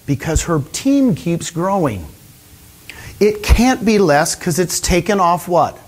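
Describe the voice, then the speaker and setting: Husky guy hyping up a room at a training seminar, kinda high voice, keeps asking the crowd stuff. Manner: energetic, animated, keeps asking the audience questions. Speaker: speaker at a real estate training session. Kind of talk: motivational seminar talk to a live audience.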